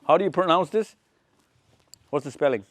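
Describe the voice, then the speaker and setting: A man lectures a live room from his slides, pointing and quizzing listeners by name. His voice sits fairly high for a man, and the sound is close and dry. He repeats short phrases over and over to drive each point home. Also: normal speed, dry recording. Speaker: touring speaker. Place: event room with audience.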